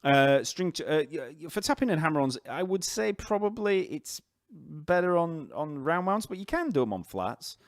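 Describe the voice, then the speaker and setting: A man with a Yorkshire accent, a bass teacher chatting casually on a live stream, rambling and reading out viewer comments. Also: very animated, normal speed, few pauses, dry recording, studio quality. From Yorkshire, northern England.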